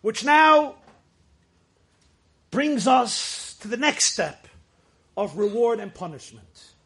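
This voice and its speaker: High voiced guy teaching a torah class, emphatic, sometimes shouts a line. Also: lively intonation, slow pace, creaky, breathy edge. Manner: emphatic, rises to shouts for stress; storytelling, mixes in Yiddish and Hebrew phrases.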